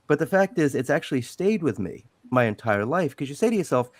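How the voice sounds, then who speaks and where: A middle-aged man retelling an old film story at length on a video call, rambling and animated, acting out quotes. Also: a little high, fast talker, few pauses, dry recording. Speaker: guest on a live panel. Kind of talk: casual storytelling on a group call.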